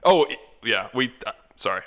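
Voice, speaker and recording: A young man co-hosting a podcast, telling rambling, animated stories in casual chat. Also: on the low side, normal speed. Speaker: podcast co-host.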